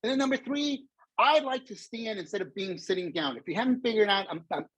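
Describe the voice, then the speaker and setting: A man's voice: high-pitched, fairly quick, breathy edge, no echo, highs cut off. A man presenting a career webinar over a video call, standing up, talking energetically to the audience and acting out bits of dialogue. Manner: energetic, addresses the audience as folks, acts out dialogue; speaks standing up. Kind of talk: motivational webinar talk. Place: indoors, a vacation spot.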